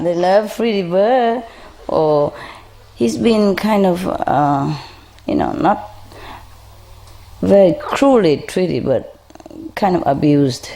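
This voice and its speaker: Soft-spoken low-voiced woman, gently coaxing. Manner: gentle coaxing, chuckling often. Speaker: spiritual teacher speaking to a group. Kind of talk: casual talk to an audience and a pet bird.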